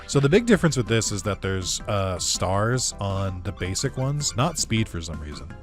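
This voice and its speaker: A man's voice: lowish voice, big pitch swings, normal speed, over music. A man giving casual gaming commentary, rambling and laid-back with lots of fillers and some swearing. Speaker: let's play commentator.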